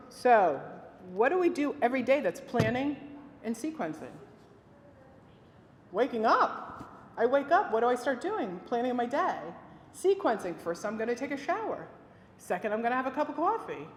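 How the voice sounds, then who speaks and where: A woman teaching families about dementia care, giving a presentation and telling lively stories with quoted voices. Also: fairly high pitch. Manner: lively storytelling with acted quotes. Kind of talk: presentation to an audience. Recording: echoey hall with faint ambience.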